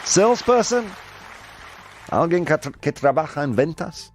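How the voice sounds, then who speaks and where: A man with a lively, bouncing voice hosts a quiz game with his viewers. He reads out their answers, teases and laughs as he goes. Faint music plays quietly under him. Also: mid-range voice, measured pace. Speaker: host. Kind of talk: live-stream game show with chat.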